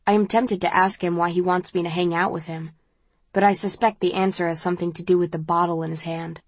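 A woman reading a novel aloud in the first person, in a calm and measured way. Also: lowish voice, dry recording. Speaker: audiobook narrator.

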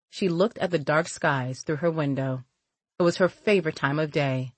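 A woman narrating a novel as an audiobook, reading in a measured, expressive way. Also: low-pitched, no room sound. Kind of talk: scripted narration.

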